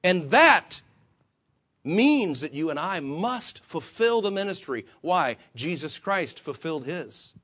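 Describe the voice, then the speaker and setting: A pastor with a voice on the high side preaches slowly, with big pitch swings and a fairly bright tone. His sermon to fellow believers features shifting emphasis, rhetorical questions, and acted-out quotes of himself and the Lord.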